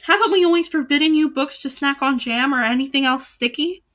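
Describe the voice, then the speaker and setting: Fussy hurried wizard father, as a woman reads him, bossy, bright toned. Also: sits high, voice pushed up. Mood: scolding.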